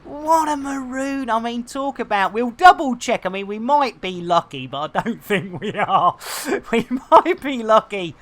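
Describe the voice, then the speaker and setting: A woman in her fifties chats through a live game stream, laughing at her own mistakes and swearing mildly. She talks slowly, in a voice of middling pitch. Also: big pitch swings, a bit bright. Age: 50s. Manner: chatty, self-mocking, laughs often, mild swearing. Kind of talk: casual live-stream chat.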